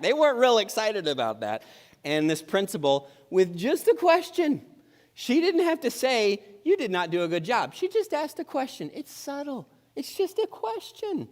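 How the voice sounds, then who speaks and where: Middle-aged pastor with a bright echo. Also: male voice, sits high. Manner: conversational, humorous, with frequent restarts. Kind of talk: sermon. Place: church sanctuary. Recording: long reverb in a church hall.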